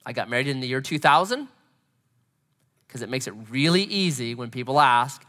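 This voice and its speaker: A man's voice: mid-range voice, lively intonation, normal speed, pauses often, sharp tone. A man in his forties, a pastor preaching a conversational sermon who tells stories and acts out scenes. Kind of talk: sermon with storytelling. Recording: long hall reverb.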